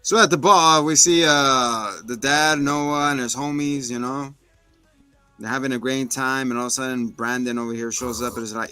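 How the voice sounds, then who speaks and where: Casual male podcast co-host, animated slangy recap, mid pitch, dry, faint music under. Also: normal speed, smooth, no room sound. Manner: animated, slangy retelling of scenes. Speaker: podcast co-host reviewing a film. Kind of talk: casual chat.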